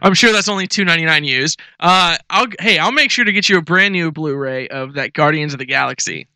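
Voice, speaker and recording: A man's voice: on the high side, a little fast, bright, forceful tone, clear, resonant tone, dry recording. A man co-hosting a radio show in a studio, joking around and stumbling through sponsor plugs in laid-back banter. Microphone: studio headphones and mic.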